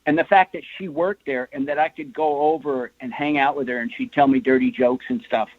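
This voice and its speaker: A man in his sixties, a comic artist being interviewed, telling stories in a rambling, animated way and laughing often. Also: mid-range voice, brisk. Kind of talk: casual interview storytelling. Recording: lo-fi, dry remote audio.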